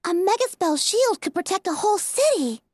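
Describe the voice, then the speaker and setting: A woman voicing a timid, gentle young female pegasus pony who speaks in a meek, hesitant way. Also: very high-pitched, very animated, normal speed, no room sound, studio quality, pitched above the performer's own voice. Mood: resolute.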